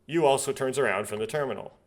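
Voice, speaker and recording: A man's voice: mid-range voice, quick pace. A young man reading a visual novel's text aloud and breaking off into rambling, nitpicking asides. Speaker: let's play host.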